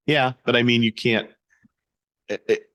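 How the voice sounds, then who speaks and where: A man co-hosting a casual sports podcast, talking in a halting way with many fillers and restarts. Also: medium pitch, fairly even intonation, a bit bright, dry recording, studio quality. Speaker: podcast co-host.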